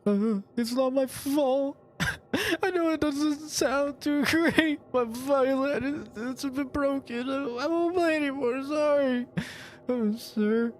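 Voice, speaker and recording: A woman voicing a timid young male violinist in a horror game who stammers and pleads in a high voice. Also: slow.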